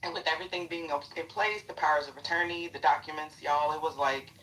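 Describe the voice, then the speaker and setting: A woman's voice: low voice, steady tone, a little fast, fairly bright tone, recorded from a distance, slight background noise, poor audio. A middle-aged woman chatting casually in a live audio room, blunt, profane and ready to call people out. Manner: confrontational when calling someone out. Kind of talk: casual chat.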